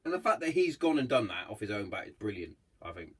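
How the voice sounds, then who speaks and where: Lowish and husky, this podcast host's voice swings widely in pitch as he talks casually by himself. He's blunt and swears heavily, quickly impersonating other people's lines.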